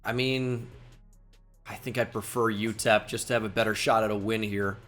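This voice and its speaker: A man commentating a football video game as he plays, musing quietly and then shouting at big plays. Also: on the low side, fairly even intonation, normal speed, faint music behind. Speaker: gaming YouTuber. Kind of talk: gameplay commentary.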